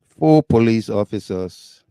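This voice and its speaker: A Liberian man narrates over video footage in an urgent, indignant tone, repeating his points for weight. His delivery is slow and deliberate, and the recording sounds close and dry. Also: lowish voice, animated, warm tone, smooth, no echo. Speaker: host commenting on video clips. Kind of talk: talk-show commentary.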